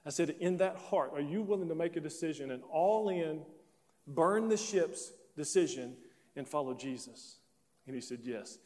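A man preaching a sermon, telling a story and acting out both sides of a conversation in an animated way. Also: on the high side, moderate pace. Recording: long reverb of a large hall.

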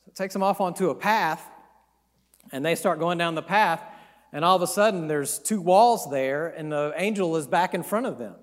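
A man preaching in an animated, conversational way as he retells a Bible story. His voice is high for a man. It carries a long reverb, as in a large hall. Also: normal speed. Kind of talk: sermon storytelling.

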